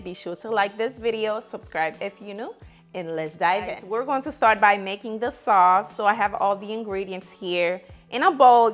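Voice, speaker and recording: Woman host, casual cooking tutorial, chatty and direct with viewers, mid-pitched voice, faint music behind. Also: a bit bright. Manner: chatty, talks straight to viewers as "you guys".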